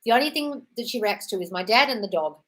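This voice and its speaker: A woman's voice: mid-range voice, animated, fast talker, fairly bright tone, low-quality recording. A woman in her thirties hosting a live Q&A, reading viewer comments and answering in a blunt, sweary way, calling people "darling". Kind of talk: casual live Q&A chat.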